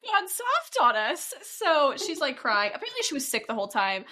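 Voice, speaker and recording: A young woman co-hosts a casual recap podcast. Her voice sits fairly high and bright, swinging widely in pitch as she laughs and slips into little impressions of the people she talks about. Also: normal speed. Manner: animated, laughing, mimics people in quotes. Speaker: podcast co-host.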